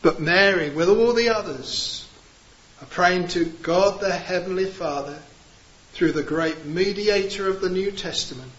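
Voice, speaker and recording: A man preaching a sermon, rising to emphatic peaks and then dropping low and slow. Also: sharp tone, lo-fi sound.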